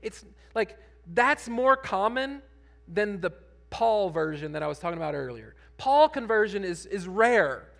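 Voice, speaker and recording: A man pastor preaching a sermon, conversational at times and building to emphatic, animated preaching. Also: high-pitched, a little slow, gravelly.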